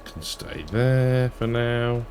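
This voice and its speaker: A man's voice: medium pitch, very slow, a little mellow, a little hiss or hum. A man giving casual let's-play commentary, thinking aloud and chuckling to himself. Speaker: game streamer.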